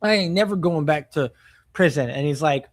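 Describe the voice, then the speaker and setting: Young male streamer, high voice, dry close sound, laid-back host reading chat and polls. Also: moderate pace, no room sound. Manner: relaxed, reads chat and polls aloud, retells comedy sketches. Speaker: co-host of a movie reaction stream. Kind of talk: casual live-stream chat.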